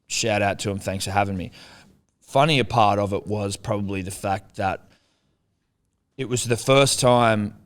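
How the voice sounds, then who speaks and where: A man's voice: fairly low pitch, unhurried, long pauses. A young man on a casual podcast chat, swearing freely and acting out quotes as he tells a story. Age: young adult. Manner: swears a lot, animated storytelling with voiced quotes. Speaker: podcast co-host.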